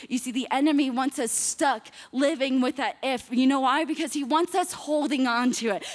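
A woman pastor preaching a sermon with lively call-and-response to the congregation. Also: high-pitched, in a large hall.

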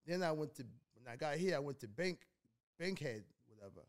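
A middle-aged man from New York tells stories as a podcast guest, relaxed and rambling, often restarting his sentences. His voice sits a little high for a man. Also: a little fast. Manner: laid-back, rambling with many restarts. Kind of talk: casual storytelling in a podcast interview.

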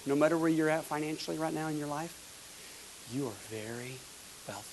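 A pastor from the United States, preaching a fervent sermon with emphatic repeated words. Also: male voice, fairly high pitch, gravelly, a little hiss or hum, poor audio.

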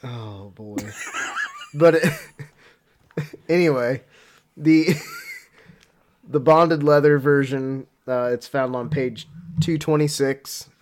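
A man hosting a podcast who is tired and sick with a cold, laughing often in chat and reading a prayer slowly and solemnly. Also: medium pitch. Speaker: podcast host.

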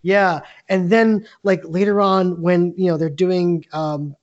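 A man's voice: high voice, fairly even intonation, slow, dull audio. A man co-hosting a casual movie podcast, talking eagerly in a rambling way with lots of restarts. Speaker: podcast co-host.

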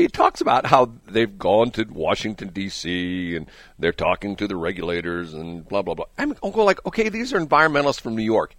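A man's voice: low-pitched, fairly bright tone, no room sound. A man hosting a morning radio show, chatting casually and jokingly, mocking himself and laughing often. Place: radio studio.

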